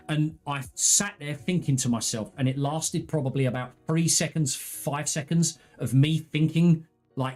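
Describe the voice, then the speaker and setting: A man's voice: fairly high pitch, moderate pace, a little mellow, faint music behind. A man chatting on a live stream, telling personal stories in a candid, rambling, earnest way. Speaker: gaming streamer. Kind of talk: casual live-stream chat.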